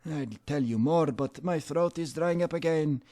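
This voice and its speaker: A man's voice: on the high side, normal speed, warm tone, voice pushed up, lightly acted. A man voicing a drunk old man in a desert tavern who rambles theatrically and begs for beer. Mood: wheedling. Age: older.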